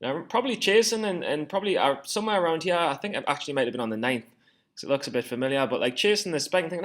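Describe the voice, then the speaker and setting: A man's voice: on the high side, expressive, rapid-fire, a bit bright. Rambling, swearing young man vlogging. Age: 20s. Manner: rambling, swears often, self-deprecating. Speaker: stock trading vlogger. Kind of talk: casual screen-share commentary.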